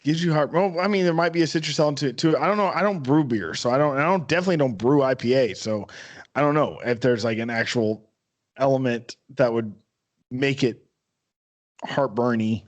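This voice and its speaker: A man's voice: medium pitch, a little fast. A man co-hosting a podcast, rambling enthusiastically in casual chat and swearing freely. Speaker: podcast co-host.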